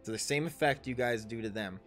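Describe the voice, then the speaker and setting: A young man narrating as dungeon master, rambling and halting with many fillers. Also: medium pitch, fairly bright tone, faint music behind. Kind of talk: narrating a tabletop game.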